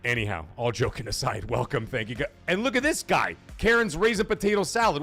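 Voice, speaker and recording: A middle-aged man hosting a live gaming stream, shouting hype and joking shout-outs to his chat. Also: medium pitch, fairly quick, faint music behind.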